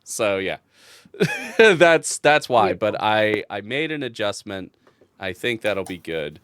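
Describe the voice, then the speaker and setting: Male game master, slow-talking and lively in pitch, flustered and self-mocking. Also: smooth, dry recording. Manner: flustered, self-deprecating, muttering to himself. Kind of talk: casual stream setup chat.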